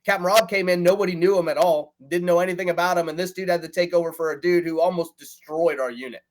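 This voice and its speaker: A man's voice: high voice, steady tone, fast, rough recording. A male veteran and author telling his unit's war story in an earnest, matter-of-fact way as a guest. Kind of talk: storytelling in casual chat.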